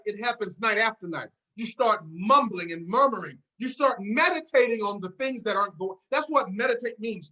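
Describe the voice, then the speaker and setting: A man giving a motivational speech on a sales team call, preacher-like and emphatic. He repeats his key words, drops to a hush, then rises to a shout, and asks his listeners to answer back. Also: high voice.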